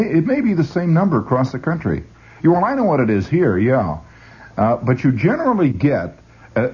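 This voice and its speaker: A radio host with a medium-pitched, breathy voice delivers a rambling monologue full of stammered restarts and chuckling asides. The recording is dull and lo-fi, typical of radio.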